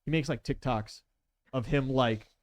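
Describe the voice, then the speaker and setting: A man's voice: mid-range voice, a little slow, no room sound. A man narrating as game master in a tabletop game, casual and chatty with lots of fillers.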